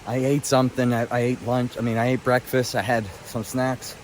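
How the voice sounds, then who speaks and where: A breathless, emotional man records himself on his phone while standing in a stream. His voice is pitched in a middling range and keeps tumbling over itself. Faint water noise runs quietly behind him. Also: moderate pace. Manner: excitable, breathless and overwhelmed. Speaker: fly fishing vlogger. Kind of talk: emotional outdoor vlog. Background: flowing stream.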